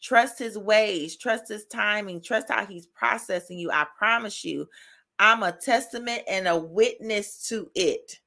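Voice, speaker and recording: A woman's voice: medium pitch, a little slow, gravelly, sharp tone. A woman hosting a faith podcast, giving an encouraging devotional talk in a chatty style, laughing often and asking "right?".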